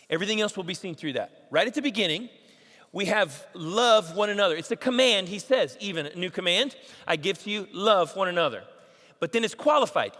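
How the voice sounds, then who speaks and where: A man's voice: on the high side, bright, forceful tone. A pastor preaching a sermon, emphatic and repeating his key phrases. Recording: long church hall reverb.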